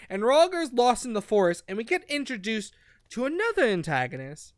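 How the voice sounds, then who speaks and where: A man's voice: very high-pitched, wildly swooping pitch, brisk, no room sound. A man co-hosting a casual online talk show, recapping a childhood book in a rambling, profane way and slipping into goofy character voices. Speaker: podcast co-host.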